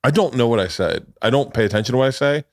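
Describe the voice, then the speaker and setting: A man's voice: medium pitch, rapid-fire, a little mellow, dry recording, clean studio sound. A middle-aged man hosting a podcast, rambling through casual stories and acting out quotes, swearing freely. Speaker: podcast host. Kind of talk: casual chat.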